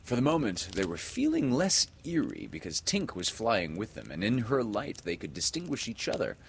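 A man narrating a children's story aloud in an expressive, dramatic way. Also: lowish voice, normal speed, gravelly, a little hiss or hum. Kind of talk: audiobook storytelling.

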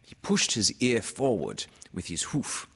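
A man narrating a storybook aloud in an unhurried, expressive way. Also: lowish voice, vocal fry, husky. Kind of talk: storybook reading.

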